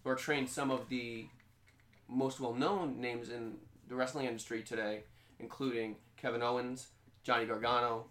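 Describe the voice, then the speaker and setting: A man's voice: medium pitch, steady tone, normal speed, a bit bright. A man co-hosting a casual podcast, explaining things hesitantly with lots of ums. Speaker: podcast co-host. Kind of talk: casual chat.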